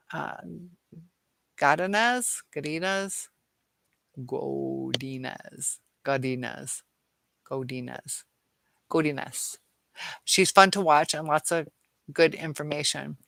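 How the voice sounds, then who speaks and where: A woman's voice: low-pitched, fairly even intonation, normal speed, a bit bright, no room sound. A tired woman hosting a live chat, reading viewer comments aloud and hesitating often. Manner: hesitant, many fillers and restarts. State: tired and dizzy.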